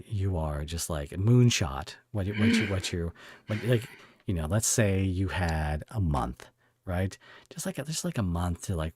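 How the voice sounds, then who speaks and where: A man hosting a podcast interview, asking questions in a rambling, halting way with many restarts. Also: low voice, a little mellow, no echo, clean studio sound. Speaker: podcast host.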